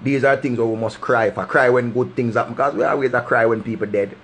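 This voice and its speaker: A man's voice: mid-range voice, steady tone, a little fast, fairly bright tone, slightly rough. A man with a Jamaican accent giving impassioned, preachy advice straight to camera, repeating his points for emphasis. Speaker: vlogger giving life advice.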